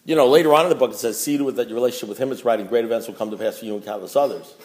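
Blunt emphatic man preaching at a meeting. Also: racing. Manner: blunt, emphatic, repeats himself; swings between low asides and loud preaching. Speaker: speaker at a recovery meeting. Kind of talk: recovery meeting talk reading from a book.

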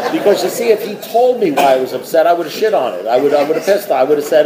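A man's voice: a little high, lively intonation, unhurried, pauses often, echoey room, a crowd in the background, poor audio. A middle-aged man giving a personal recovery testimony at a meeting, telling stories and acting out dialogue, laughing often.

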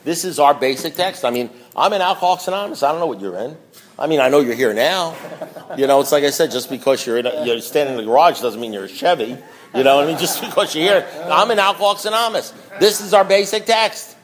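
A man's voice: animated, quick pace. A man giving a blunt, emphatic talk at a recovery meeting, reading from a book and repeating himself for emphasis. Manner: swings between low asides and loud preaching.

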